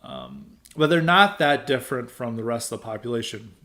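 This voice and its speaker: A man's voice: medium pitch, moderate pace, vocal fry, pushed and bright. A man hosting a podcast, talking in casual political commentary with emphatic rises and many fillers. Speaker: podcast host.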